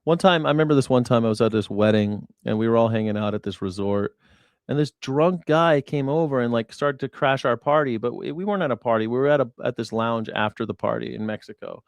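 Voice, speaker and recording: A man's voice: mid-range voice, fast talker, gravelly, no echo. A man hosting a casual commentary show, telling stories in a blunt, profane way. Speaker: host.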